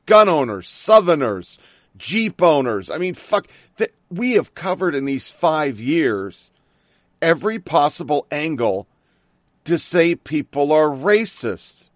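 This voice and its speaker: A man's voice: fairly high pitch, big pitch swings, slow, no echo, studio quality. A middle-aged man hosting a talk show, ranting bluntly and angrily with plenty of swearing. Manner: angry, blunt and profane ranting. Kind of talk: opinionated talk radio monologue.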